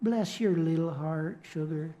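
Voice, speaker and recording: A man voicing a smooth-talking male devil with a put-on Southern accent, soft and coaxing. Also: on the high side, unhurried, close to an everyday voice. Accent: Southern US, put on badly. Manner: soft, coaxing, syrupy drawl.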